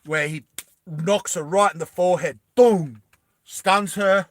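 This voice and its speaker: An excitable young man chats with his viewers, rambling and stopping to correct himself along the way. His voice sits a touch high and sounds bright and forward. The recording is close and dry. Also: measured pace, no echo. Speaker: animated film creator. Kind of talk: casual storytelling to viewers.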